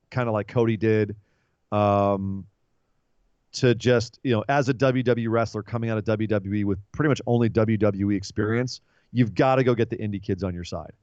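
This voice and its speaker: A man's voice: on the low side, dry recording, highs cut off. A man co-hosting a casual wrestling podcast, rambling and joking with lots of fillers. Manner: rambling, jokey, animated. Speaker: podcast co-host.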